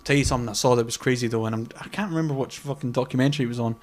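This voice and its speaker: A man in a loose podcast conversation, circling his point through ums, false starts and the odd swear word. His voice sits at an ordinary middle pitch for a man. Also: racing. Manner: rambling, many fillers and restarts, swears casually. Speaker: podcast co-host. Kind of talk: casual chat.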